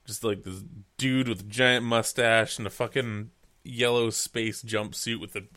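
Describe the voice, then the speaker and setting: A man co-hosting a podcast, talking in an excitable, profane way and laughing often. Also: on the low side, measured pace. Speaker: podcast co-host. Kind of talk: casual chat.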